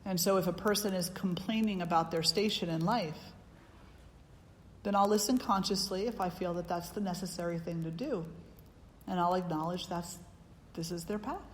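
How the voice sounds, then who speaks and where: A woman's voice: lowish voice, normal speed. A woman giving a spiritual teaching talk, earnest and emphatic, often repeating her key phrases. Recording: long reverb hall with faint background noise.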